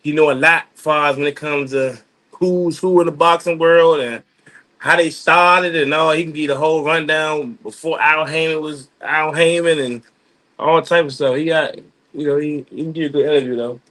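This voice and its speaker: A man with a voice pitched a bit high rambles in relaxed street slang. He keeps restarting his thoughts. He is calling in from his office. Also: normal speed. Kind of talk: casual chat. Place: office at work.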